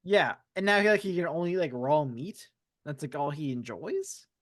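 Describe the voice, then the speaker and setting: A man's voice: a little high, big pitch swings, moderate pace, a bit bright, no room sound, studio quality. A man co-hosting a podcast, in casual, swearing chat. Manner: laughing, swearing, retells scenes. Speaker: podcast co-host.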